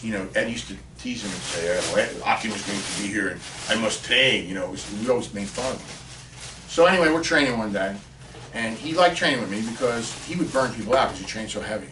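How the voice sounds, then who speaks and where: As a guest on a podcast, a lowish-voiced man tells a story in casual chat, animated and acting out the quotes with gusto. The sound is roomy and distant, as though he sits back from the mic, and a faint hiss runs underneath.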